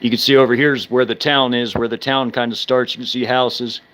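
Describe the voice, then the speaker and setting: A man in his thirties chatting casually with viewers on a live stream, halting, with many restarts, fillers, and speech that slurs when he talks fast. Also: medium pitch, little pitch movement, a bit bright.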